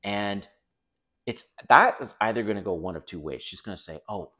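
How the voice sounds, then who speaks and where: A man's voice: lowish voice, normal speed, pushed and bright. A middle-aged man hosting a dating advice video, talking bluntly and casually to camera, swearing now and then and calling his viewers guys.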